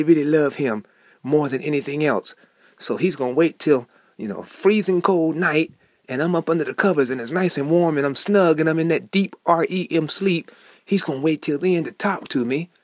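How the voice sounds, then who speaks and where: A man hosting a short devotional program, preaching with lively swings between soft and emphatic delivery. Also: fairly high pitch, no echo, clean studio sound. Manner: animated, swings from soft to emphatic, acts out quoted people.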